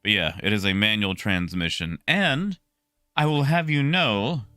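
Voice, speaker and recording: Man, young adult, casual livestream chat, crisp clear tone, faint background music. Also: on the low side, measured pace, dry recording, studio quality. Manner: relaxed and chatty, greets chat viewers by name. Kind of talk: casual chat with stream viewers.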